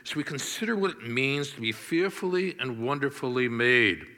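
A pastor delivering a sermon in a deliberate, emphatic manner, stressing key words. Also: male voice, mid-range voice, expressive, bright, forceful tone, long reverb tail.

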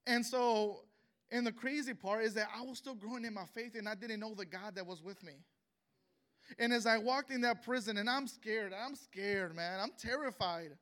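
Man, high voice, bright and crisp tone, earnest emotional testimony, halting delivery. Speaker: speaker sharing a personal testimony.

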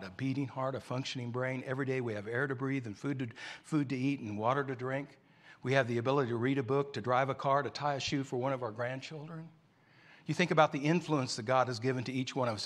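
Man preaching in a conversational storytelling way. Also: medium pitch. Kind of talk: sermon.

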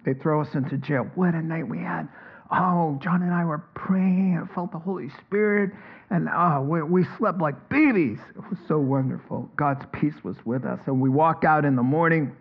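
A fired-up apostle, played by a preacher, breathlessly tells the tale of his arrest in the first person. The voice sits fairly high. The recording sounds dull and lo-fi. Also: moderate pace, creaky, slightly rough. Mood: eager. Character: bold excited male apostle retelling his arrest.

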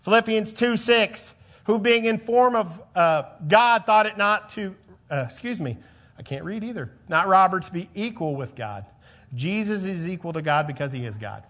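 A male pastor preaching a sermon, emphatic, repeating phrases and swinging between loud and soft. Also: high voice, expressive, moderate pace.

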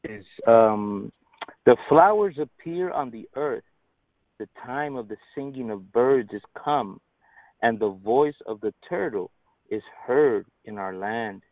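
A man on a podcast panel reading Bible verses aloud in a measured way. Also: mid-range voice, animated, no echo. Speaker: scripture reader on a podcast panel. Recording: dry, phone-like sound.

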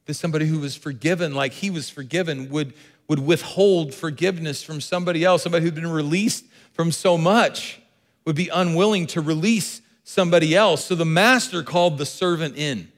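A man delivers a sermon in an earnest, emphatic way, circling back to repeat his key lines. His voice sits a little high for a man. The sound carries a long reverb, as if recorded in a large hall. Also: normal speed. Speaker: pastor.

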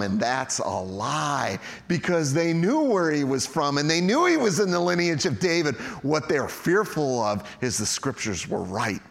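A man's voice: on the high side, sing-song, measured pace, gravelly, few pauses. A man preaching a sermon in a jokey, conversational way, recorded in a large church hall. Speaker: pastor. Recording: long hall reverb.

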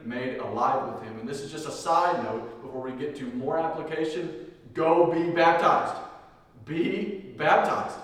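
Male pastor, emphatic sermon delivery, repeats key lines, recorded from a distance in a big reverberant hall. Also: medium pitch. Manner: emphatic preaching, repeating key phrases, swinging between loud and hushed. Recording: echoey hall from far off.

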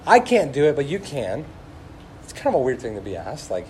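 A young man preaching a sermon to a room, telling stories in an animated way with many asides. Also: mid-range voice, brisk, a little hiss or hum. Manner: animated storytelling, laughing, lots of "like". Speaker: pastor. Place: room with an audience.

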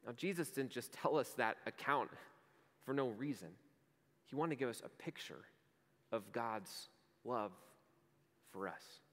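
A man's voice: mid-range voice, lively intonation, a little slow, pauses often, a bit bright. A male pastor delivering a sermon in an earnest, conversational way, telling vivid everyday stories. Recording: long hall reverb.

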